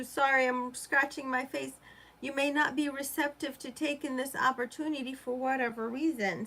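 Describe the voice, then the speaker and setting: A woman's voice: high voice, a bit bright. A woman from Iraq, a native Arabic speaker, giving a rambling, chatty live tarot reading and talking straight to her viewers. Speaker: tarot reader.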